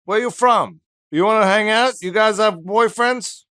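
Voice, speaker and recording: A man's voice: sits high, unhurried, sharp tone, clean tone, voice pushed up. A man doing a pushy Brooklyn showman. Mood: flirty. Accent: Brooklyn put-on. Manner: pushy, overly friendly. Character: brash male showman with a Brooklyn accent.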